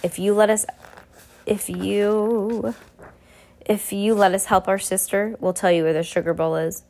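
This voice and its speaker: A woman reading aloud and voicing an earnest, quick-thinking teenage girl. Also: mid-range voice, steady tone, dark tone, pitched above the performer's own voice, natural voice.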